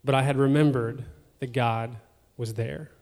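A man shares a heartfelt testimony at a church service, pausing often and repeating himself as he searches for words. His voice sits mid-range for a man and carries a long reverb from the sanctuary around him. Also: mid-range voice, fairly even intonation, darkish tone. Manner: emotional, halting, with fillers and repeats. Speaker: church member sharing testimony.

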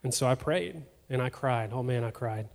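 A man shares a heartfelt testimony at a church service, pausing often and repeating himself as he searches for words. His voice sits mid-range for a man and carries a long reverb from the sanctuary around him. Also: mid-range voice, vocal fry, a little mellow. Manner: emotional, halting, with fillers and repeats. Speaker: church member sharing testimony.

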